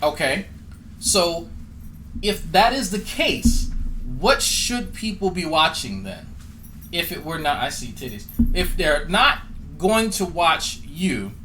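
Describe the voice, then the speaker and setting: Man, streamer, sarcastic, sweary, lively swooping pitch, bright tone, faint hiss. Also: rough recording. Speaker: commentary streamer. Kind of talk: profane mocking commentary.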